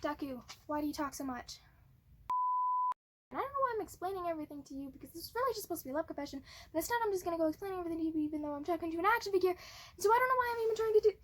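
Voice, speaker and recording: Giggly flustered girl, high lively voice. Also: rapid-fire. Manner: giggly and flustered, restarting lines. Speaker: cosplay skit performer. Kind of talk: flubbed takes of a cosplay skit.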